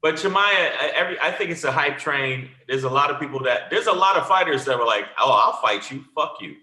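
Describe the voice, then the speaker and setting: A man co-hosting a podcast in casual chat, tossing in quick reactions and blunt opinions. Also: on the high side, pushed and bright. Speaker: podcast co-host. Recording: roomy echo.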